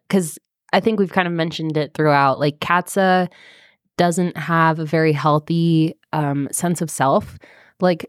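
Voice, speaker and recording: A woman with a low voice chats casually as a podcast co-host, with lots of fillers. Her voice sounds dry and close, with no room echo. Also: darkish tone. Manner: chatty, many fillers, retells scenes with laughs. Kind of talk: casual book club chat.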